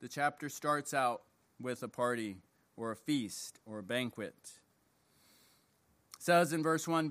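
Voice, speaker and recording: A man preaching an evening sermon, reading scripture and praying in slow, deliberate, emphatic phrases. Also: medium pitch, fairly bright tone. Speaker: pastor. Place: church service.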